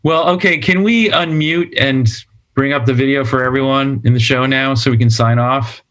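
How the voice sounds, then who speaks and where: A man's voice: mid-range voice, normal speed, a bit bright, a little hiss or hum. Chatty man hosting over a video call. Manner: chatty, laughs easily, reads out comments. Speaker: host. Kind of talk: casual chat.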